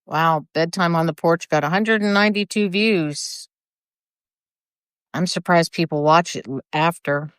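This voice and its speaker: Older woman, low voice, smooth and dry, rambly live chat from her porch. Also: measured pace, no room sound. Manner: rambling, greets viewers by name. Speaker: livestreamer. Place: outdoors on her front porch. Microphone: phone or camera for a live video.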